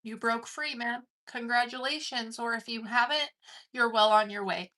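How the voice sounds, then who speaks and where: A woman's voice: on the high side, moderate pace, bright, forceful tone. A woman giving an intense collective tarot reading, swearing casually and calling the listener "dude". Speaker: tarot card reader.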